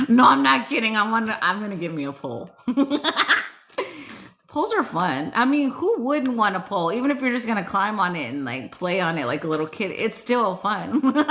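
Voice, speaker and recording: A giggly woman chatting on a casual livestream, her bright voice swinging widely in pitch as she teases her viewers. She talks at an unhurried pace, breaks into frequent laughter and slips between English and Spanish. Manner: playful and teasing. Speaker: livestream host reading chat.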